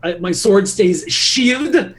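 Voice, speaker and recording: A man's voice: high-pitched, takes it slowly. A man playing a tabletop role-playing game and talking casually and hesitantly. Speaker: player.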